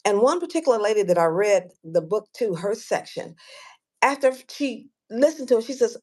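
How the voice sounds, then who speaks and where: A woman guest and author telling stories casually, animated, acting out quoted voices and repeating words as she goes. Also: fairly high pitch, a little fast. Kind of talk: casual storytelling.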